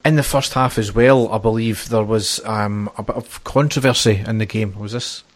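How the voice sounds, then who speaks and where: A man's voice: lowish voice, steady tone, moderate pace. Laughing, rambling man host. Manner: laughs often, loses his place, restarts sentences. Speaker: podcast host. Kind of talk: casual chat.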